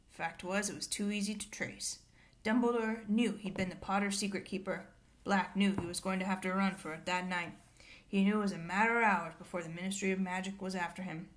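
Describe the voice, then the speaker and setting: A woman reading a novel aloud in a plain, even storytelling voice. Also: mid-range voice, brisk. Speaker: reader.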